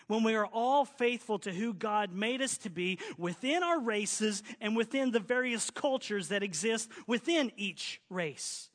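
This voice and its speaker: High-voiced Southern pastor preaching. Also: male voice, fairly bright tone, big-room sound. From Oklahoma. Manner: folksy, emphatic preaching with jokes. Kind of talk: sermon.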